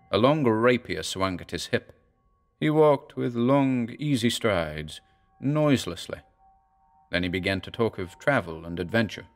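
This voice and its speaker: A man narrating a horror story in a measured, dramatic way. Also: fairly low pitch. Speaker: audiobook narrator.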